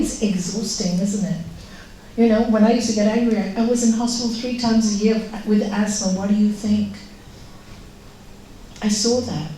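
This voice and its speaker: A woman with a fairly high voice gives an informal spiritual talk in a yoga centre room. She speaks earnestly and directly, and often asks the audience questions. She is recorded by a distant room mic, so her voice sounds roomy with faint noise behind it. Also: warm tone. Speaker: spiritual teacher.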